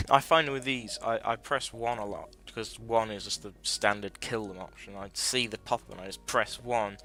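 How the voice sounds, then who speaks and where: A man's voice: on the low side, steady tone, moderate pace, few pauses, bright, forceful tone. A man giving casual, sweary, rambling commentary while playing a video game, often stopping to correct himself. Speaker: gaming video host.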